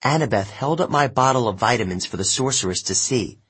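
A man narrating an audiobook in the first person, expressive and unhurried. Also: mid-range voice, breathy edge.

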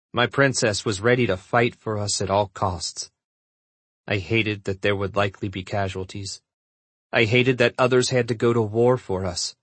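A man narrating a first-person story in a low, measured way, with a husky voice. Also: no room sound. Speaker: audiobook narrator.

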